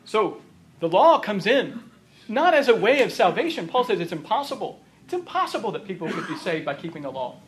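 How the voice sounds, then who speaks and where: Man, high voice, emphatic sermon, repeats lines for stress, hoarse, roomy hall echo. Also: big pitch swings, a little fast, fairly bright tone. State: losing his voice. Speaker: preacher.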